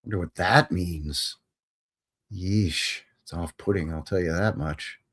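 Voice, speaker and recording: Wry, low-voiced male show host. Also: takes it slowly, fairly bright tone, breathy edge. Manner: wry, joking, easily amazed. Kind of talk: casual live-show photo commentary.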